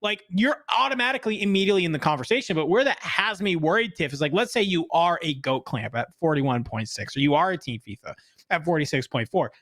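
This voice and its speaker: A woman casting a live esports broadcast, chatty and animated, often laughing as she breaks down the standings. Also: on the low side, quick pace, no echo. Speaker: esports caster.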